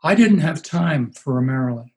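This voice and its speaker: A man in his eighties, a pastor being interviewed, telling stories in an unhurried, reflective way. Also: fairly high pitch, expressive, a little mellow, poor audio. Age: 80s. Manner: unhurried, anecdotal, puts on voices for quoted people. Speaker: guest, pastor.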